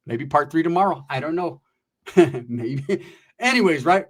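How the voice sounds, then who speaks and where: A man telling a comic story in an animated, slangy way, laughing between lines. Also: fairly high pitch, a little slow, pauses often.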